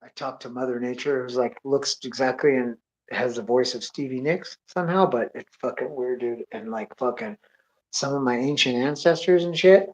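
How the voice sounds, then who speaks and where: A man's voice: mid-range voice, normal speed, poor audio. A man telling a rambling comic story, cursing constantly, tacking "dude" onto his lines and acting out noises along the way. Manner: profane, excitable, drawling with "dude"; acts out sound effects and voices.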